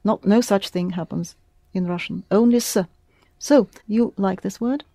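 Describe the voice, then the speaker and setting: A woman's voice: mid-range voice, measured pace, mellow, no room sound, clean studio sound. A woman teaching a language class, patiently prompting her students with questions. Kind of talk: classroom lesson.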